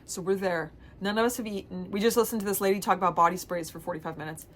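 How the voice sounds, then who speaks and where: A woman's voice: medium pitch, fairly even intonation, quick pace, fairly bright tone. A woman vlogger tells stories from her year in a casual, comic way. She talks chattily and pokes fun at herself. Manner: chatty, comic, self-mocking. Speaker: vlogger and theater producer. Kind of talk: casual storytelling vlog.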